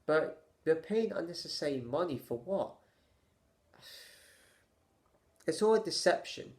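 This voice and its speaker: A man vlogging his opinions to camera in a halting, stammering way, sighing with exasperation and firing off rhetorical questions. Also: on the high side, animated, darkish tone.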